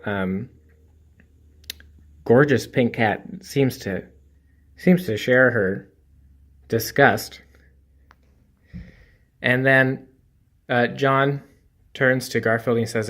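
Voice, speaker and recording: Man, comic strip reviewer, slow and halting, dry wry delivery, lots of ums. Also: mid-range voice. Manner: hesitant, full of ums and restarts. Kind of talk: casual spoken review.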